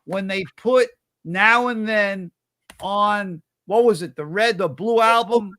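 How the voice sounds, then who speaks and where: A man's voice: high-pitched, takes it slowly, sharp tone. A man in a casual podcast chat, talking in an opinionated, emphatic way.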